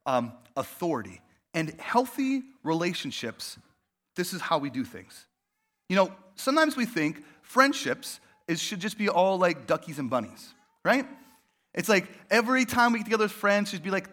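Male pastor, conversational sermon, high-pitched, bright and expressive delivery. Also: normal speed. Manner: animated, conversational, tosses in "right?" and "like". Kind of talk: casual sermon.

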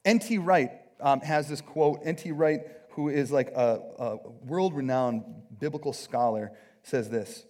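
A man preaching a conversational sermon, animated, acting out quotes and often checking in with his listeners. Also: mid-range voice, unhurried. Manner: animated, acts out quotes, keeps asking "right?". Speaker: pastor.

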